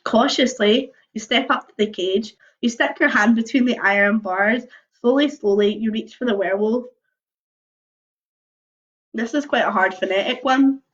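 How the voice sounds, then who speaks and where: A young woman reading a choose-your-own-adventure book aloud on a livestream, mixing lively narration with casual chatty asides. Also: a little high, normal speed. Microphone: computer or phone mic on a video stream. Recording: dull lo-fi livestream audio.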